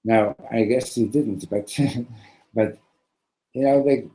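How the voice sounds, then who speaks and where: Mellow, husky-voiced rabbi teaching. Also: male voice, medium pitch, rough recording. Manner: halting, repeats words, conversational asides. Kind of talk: casual sermon with a joke.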